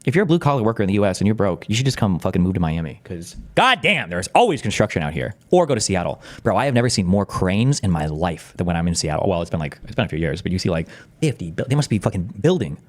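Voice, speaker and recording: A man talks fast and low, reacting on a live stream. His commentary is profane and sarcastic, full of quick asides. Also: sing-song, a little mellow.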